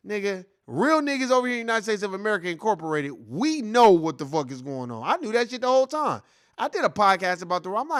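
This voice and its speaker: A man rants through a reaction commentary in a high, lively voice that leaps up and down. He is heated and profane. He keeps circling back to the same points. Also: fast, clear, resonant tone. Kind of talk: casual ranting commentary.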